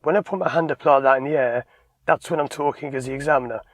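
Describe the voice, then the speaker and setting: A man's voice: mid-range voice, quick pace, dry recording. A man, a driving instructor giving a tips video, talking emphatically and acting out short bits of dialogue. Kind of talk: direct-to-camera instructional talk.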